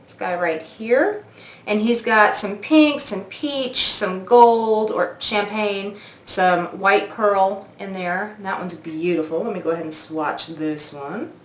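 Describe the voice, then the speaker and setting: In a slow, mid-range voice, a woman in her forties reviews makeup for her beauty vlog, gushing and oohing as she tries products at her mirror. The room sounds echoey.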